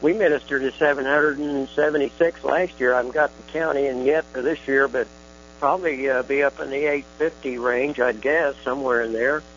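A man who pastors and hosts a religious radio talk show, speaking in a steady, encouraging, conversational way. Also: mid-range voice, a little fast. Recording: dull lo-fi radio sound with faint hum.

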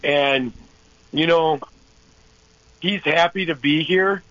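A man calling in to a talk show, telling a story in a rambling, halting way with lots of restarts. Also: a little high, a bit bright, no room sound. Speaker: caller. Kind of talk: casual storytelling. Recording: dull lo-fi phone-in audio.

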